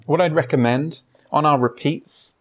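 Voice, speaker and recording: Measured male piano teacher. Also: a little high. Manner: measured, explanatory, with frequent pauses and fillers. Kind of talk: instructional explanation at the piano. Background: piano playing.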